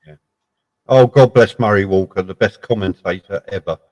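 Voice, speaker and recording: A man's voice: fairly low pitch, normal speed, a little mellow, no room sound, muffled recording. A man in a casual late-night live chat with friends, talking in blunt, sweary banter.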